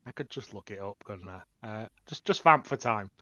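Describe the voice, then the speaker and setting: On a casual podcast, a male co-host chats hesitantly, using many fillers. His fairly low voice is expressive with a sharp tone at a moderate pace, captured on a dull lo-fi mic with no room sound.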